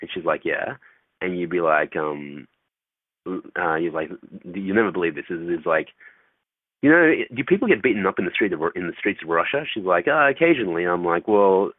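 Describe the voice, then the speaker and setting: A man's voice: sits low, lively intonation, moderate pace, no room sound. A man guest coaching on dating, talking loosely with swearing and acting out phone calls. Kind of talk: casual interview talk. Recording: tinny phone-like line, dry.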